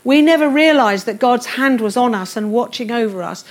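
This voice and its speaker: A woman's voice: fairly high pitch, animated, normal speed. A middle-aged woman preaching a sermon, earnest and tender as she reads and explains scripture.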